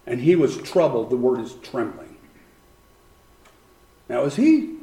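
A man's voice: mid-range voice, warm tone. A man preaching a sermon in a conversational way, acting out what people in the text might say. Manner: conversational preaching, acts out voices with laughs. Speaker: pastor. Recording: roomy echo.

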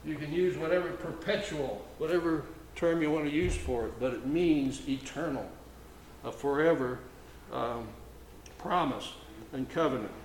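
A man preaching a sermon as pastor, slow and emphatic, repeating words for weight. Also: on the high side, slight background noise. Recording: echoey room with faint ambience.

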